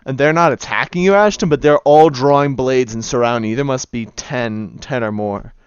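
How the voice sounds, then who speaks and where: A man's voice: medium pitch, moderate pace, smooth, dry recording, muffled recording. A man narrating as game master of a tabletop game, casual and laughing often. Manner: casual, laughing, voices many figures.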